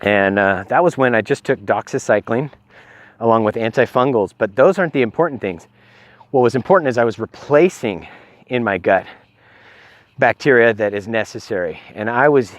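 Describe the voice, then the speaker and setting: A man's voice: mid-range voice, no echo. A middle-aged man rambling casually into a handheld phone, with many ums, and short of breath. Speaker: vlogger sharing health advice. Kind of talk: casual filmed talk. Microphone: handheld phone on a stabilizer.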